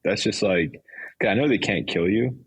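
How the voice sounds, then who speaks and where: A man's voice: fairly low pitch, normal speed, breathy edge, low-quality recording. A man talking casually as a podcast guest about trading, in a laid-back, self-deprecating way. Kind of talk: casual chat.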